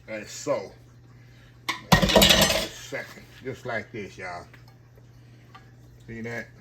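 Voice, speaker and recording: In his home kitchen, a Southern American man chats casually through a cooking vlog, folksy and talkative, often calling viewers "y'all." His voice sits on the low side and moves extremely slowly, and the recording is very noisy.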